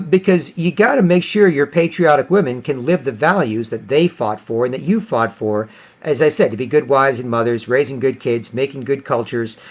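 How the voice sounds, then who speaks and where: A middle-aged man vlogging in a rambling monologue. He repeats himself and often asks "right?". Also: mid-range voice. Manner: repetitive, asks "right?" often, jumps between topics. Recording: dull lo-fi recording.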